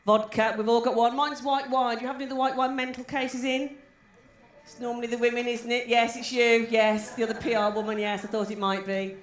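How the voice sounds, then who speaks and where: With a voice on the high side and a flat, fairly quick delivery, a West Midlands comic in her forties swears and ribs the audience during live stand-up. The gig venue recording is echoey and carries background noise.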